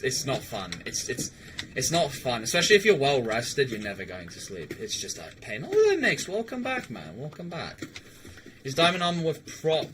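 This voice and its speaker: A man's voice: medium pitch, background noise. A young man streaming a game, chatting casually with viewers and rambling, stammering and swearing. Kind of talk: casual livestream chat while gaming.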